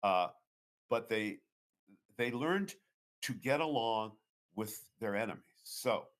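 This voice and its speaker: A man's voice: lowish voice, lively intonation, slow. A man from the Boston area, a guest author telling long, digressive stories in an interview. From Boston area, USA. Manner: anecdotal, digressive. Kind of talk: storytelling interview talk.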